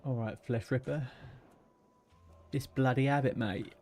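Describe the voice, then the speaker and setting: A man's voice: mid-range voice, steady tone, a little slow, darkish tone, faint music behind. Chatty man muttering through a game stream. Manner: chatty, swears often, mutters to himself while playing. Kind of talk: casual gaming livestream chat.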